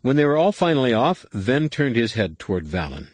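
A man narrating an audiobook with expressive storytelling intonation. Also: mid-range voice, fairly quick, slightly rough, no echo. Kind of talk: scripted narration.

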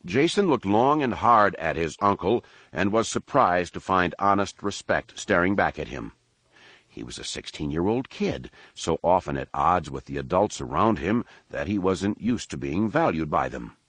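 A man with a very deep voice narrates a novel. His pitch moves a lot through the sentences, and his delivery is measured and expressive. The sound is dry and close, with no room audible. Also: breathy edge, no echo. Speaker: audiobook narrator. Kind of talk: scripted narration.

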